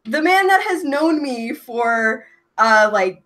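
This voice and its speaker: Canadian woman, high voice, podcast co-host, easygoing casual chat. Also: animated, slow, a bit bright.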